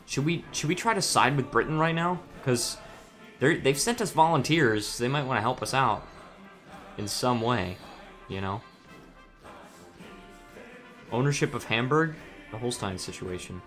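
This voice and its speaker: A man's voice: mid-range voice, expressive, measured pace, pauses often, fairly bright tone, soft background music. Man thinking aloud over a strategy game. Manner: musing aloud, hesitant, frequent restarts. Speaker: streamer. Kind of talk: casual game commentary reading chat.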